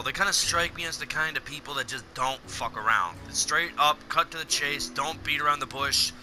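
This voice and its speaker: A man's voice: mid-range voice, normal speed, hardly any pauses, bright, forceful tone, faint music behind, rough recording. Enthusiastic man doing gameplay commentary. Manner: enthusiastic, reads game text aloud. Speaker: let's play streamer. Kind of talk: casual let's play commentary.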